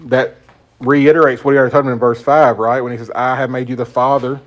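A man leads an informal Bible study in a conversational, emphatic way. His voice sits at an ordinary middle pitch, and he stresses key points and puts questions to his group. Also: level tone, fast talker. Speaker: Bible teacher.

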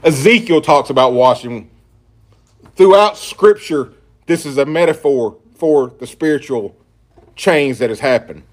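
A man's voice: fairly high pitch, animated, a little slow. A man preaching a sermon and reading scripture aloud in an emphatic style. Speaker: pastor.

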